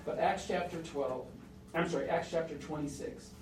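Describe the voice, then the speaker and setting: A man preaching a sermon, telling a story with emphatic rises and soft, hushed moments. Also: fairly high pitch, moderate pace. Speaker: pastor. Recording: roomy echo, mic at a distance.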